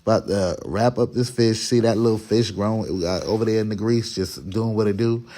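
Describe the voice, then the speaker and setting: A man's voice: lowish voice, steady tone, normal speed, mellow. Man, casual cooking vlog, chatty, restarts sentences, home kitchen, phone camera. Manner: chatty, talks straight to viewers, restarts sentences. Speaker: podcast host cooking for family.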